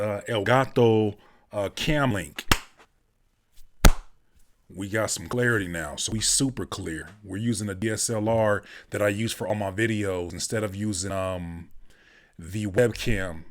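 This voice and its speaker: A man hosting a casual livestream, hoarse from a cold, chatting easily with viewers and laughing often. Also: on the low side, fairly bright tone. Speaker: host, rapper and music producer.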